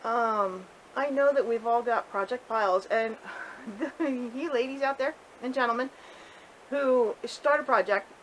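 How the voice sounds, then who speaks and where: A woman's voice: fairly high pitch, measured pace, slight background noise, low-quality recording. A middle-aged woman chatting candidly to viewers about her crochet project in a casual home video. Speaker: crochet vlogger. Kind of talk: casual chat.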